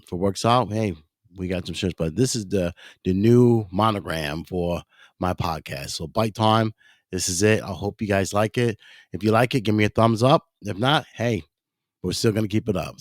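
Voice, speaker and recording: A man's voice: on the low side, normal speed, dry recording, clean studio sound. A man hosting his own podcast, rambling casually and correcting himself as he talks to the listeners. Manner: rambling, self-correcting, addresses listeners as ladies and gentlemen. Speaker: podcast host. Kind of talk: casual solo podcast monologue.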